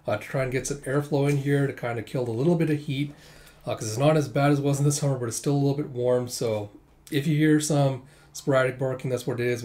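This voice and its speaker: A man's voice: mid-range voice, dark tone. A man doing a casual manga readthrough at home, chatty, narrating panels with sound effects. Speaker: manga reader and reviewer. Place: home room with windows open.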